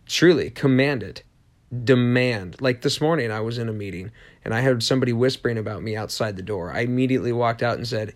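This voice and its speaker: Gravelly-voiced man giving a motivational podcast. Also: medium pitch, brisk. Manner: earnest and rambling, with frequent restarts and asides; repeats short emphatic self-affirmations. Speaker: podcast host. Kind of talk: motivational solo podcast talk.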